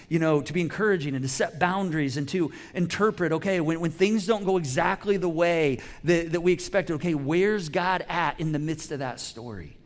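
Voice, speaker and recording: A man in his forties, a pastor giving a casual, story-driven sermon that sinks to soft, hushed tones at tender points. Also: on the high side. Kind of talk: conversational sermon.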